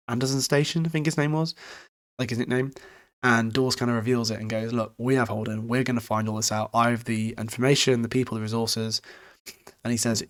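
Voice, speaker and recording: A young British man talks through a chapter recap in a loose, rambling way, swearing freely and chuckling as he goes. His voice sits low and stays fairly level. It sounds like a relaxed podcast chat. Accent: British English. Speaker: podcast host recapping a book.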